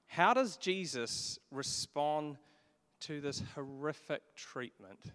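A man delivering a sermon as pastor, earnest, with occasional pauses and rising emphatic peaks. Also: on the high side, animated, a bit bright. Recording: long hall reverb.

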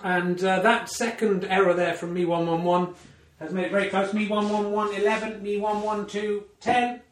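A man with a fairly high voice delivers mock sports commentary, full of dry, self-mocking asides. He is heard from a distant omnidirectional mic in a roomy space, with a faint hiss underneath. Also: level tone, moderate pace. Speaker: solo snooker commentator.

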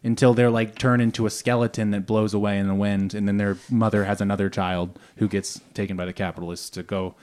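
A man's voice: on the low side, little pitch movement, quick pace, hardly any pauses, darkish tone. A man co-hosting a comedy podcast, talking in a rambling, casual way with lots of fillers. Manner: rambling, full of fillers and laughs. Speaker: podcast co-host.

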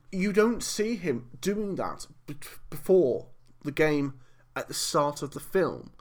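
A man hosting a solo podcast, giving an opinionated, conversational film review full of rhetorical questions. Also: on the high side. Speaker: podcast host.

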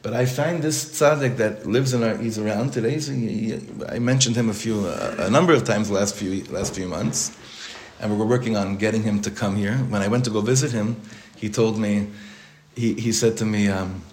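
In a synagogue study hall with an echoey sound, a man teaches his congregation Torah informally, his voice on the low side with a darkish tone and a normal pace. The rabbi speaks casually, with restarts, humorous asides and lots of Hebrew and Yiddish vocabulary.

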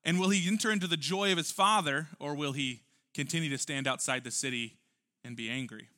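A man's voice: fairly high pitch, brisk, sharp tone. A man preaching a church sermon, earnest and emphatic, full of rhetorical questions. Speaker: pastor.

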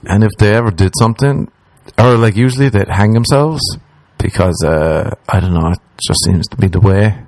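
With lively intonation, a moderate pace and a slightly mellow voice, this young Irishman recounts personal stories casually over poor audio. His manner is laid-back and self-deprecating, he swears freely, and he drops into a low mutter to quote himself.

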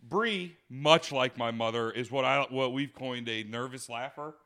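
A man's voice: mid-range voice, measured pace. A man telling a funny story to friends in casual chat, acting out quotes with laughter and swearing. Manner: animated, acts out quotes, laughs often, swears. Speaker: podcast host telling a story.

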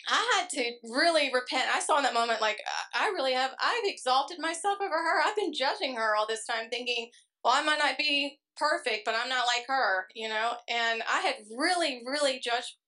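Before a church congregation, a woman shares an earnest, emotional personal testimony, telling her story quickly. Her high voice sounds pushed and bright, with lively intonation.

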